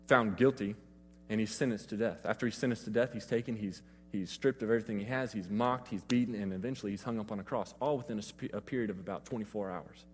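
A man's voice: fairly low pitch, big-room sound, slight background noise. A man preaching a sermon, retelling scripture in a casual, conversational way.

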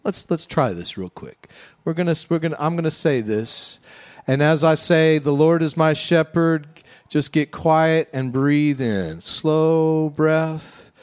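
A man preaching a conversational sermon, then leading the congregation in a slow, quiet breathing prayer. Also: on the high side, expressive. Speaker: pastor.

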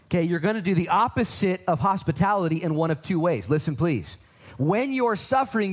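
A man preaching a conversational sermon, emphatic, swinging up and down for stress. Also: a little high. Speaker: pastor.

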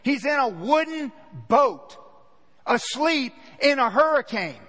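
High-voiced preaching man in a reverberant hall. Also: measured pace. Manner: animated preaching, acting out scenes in hushed asides. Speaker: pastor. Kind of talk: sermon.

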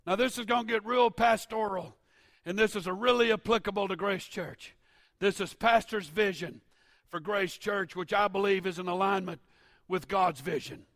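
A pastor in his fifties delivering a fervent sermon, moving between shouted declarations and quiet, joking asides. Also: sits high, moderate pace, vocal fry, no room sound. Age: 50s.

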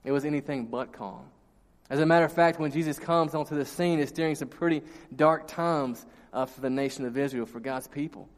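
A man preaching a sermon, telling a funny story from his childhood before turning to scripture in a lively storytelling manner. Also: fairly high pitch, fairly quick. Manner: storytelling, animated, laughs at own jokes. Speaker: pastor. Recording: long reverb in a large hall.

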